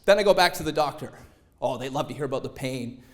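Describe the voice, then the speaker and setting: A man giving a motivational stage talk, a lively storyteller who acts out quoted lines in other voices. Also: medium pitch, fast talker. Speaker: motivational speaker.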